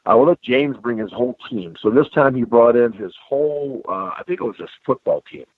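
A man's voice: mid-range voice, fairly quick, husky, dry recording. Tinny-lined older man telling stories. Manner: animated storyteller, says bro and man. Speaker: guest. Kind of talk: casual storytelling chat. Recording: dry tinny phone-like line.

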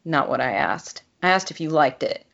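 A snarky, sneering grown man picks a fight, his voice sitting low and taunting, read aloud by a woman author. The sound is dull and lo-fi. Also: animated, moderate pace, creaky, a bit bright, exaggerated voice.

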